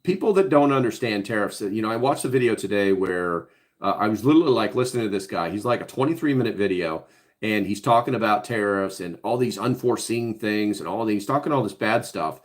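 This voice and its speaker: A man's voice: lowish voice, lively intonation, a little fast. A middle-aged man hosting a casual livestream, reading chat comments aloud and answering bluntly, with many fillers and restarts. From Hawaii.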